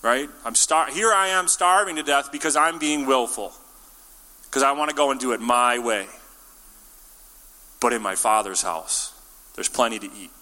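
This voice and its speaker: A man preaching a sermon in a relaxed, joking way, acting out the characters he quotes. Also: medium pitch, moderate pace, pauses often, big-room sound. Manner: casual and jokey, acts out quotes. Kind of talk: conversational sermon. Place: church.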